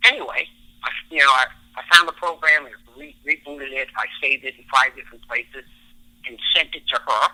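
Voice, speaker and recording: This podcast interview features a relationship expert whose medium-pitched, sharp voice moves fairly quickly over poor audio. He illustrates brain science with ordinary stories from his personal life.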